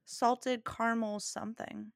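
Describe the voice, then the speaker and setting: A woman co-hosting a casual podcast chat, talkative and quick to laugh. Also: on the high side, little pitch movement, vocal fry, no room sound, studio quality. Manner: chatty, laughs often. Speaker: podcast co-host.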